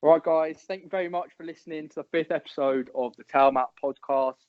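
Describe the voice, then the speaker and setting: A young man talks in casual podcast banter, loud and slangy with plenty of swearing. His voice sits on the higher side. The sound is dull and lo-fi in a dry room. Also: fairly even intonation, a little fast, no echo. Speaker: podcast co-host. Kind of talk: casual chat.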